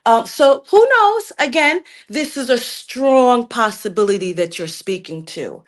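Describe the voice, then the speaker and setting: A woman's voice: fairly high pitch, expressive, unhurried. A middle-aged woman from Jamaica calling in to a talk stream, arguing emphatically and indignantly, repeatedly calling the host sir. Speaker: caller. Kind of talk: heated call-in debate.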